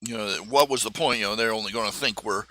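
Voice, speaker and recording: A man hosting a live stream, talking in a casual, halting monologue full of fillers and restarts. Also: on the low side, pushed and bright. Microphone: streaming microphone.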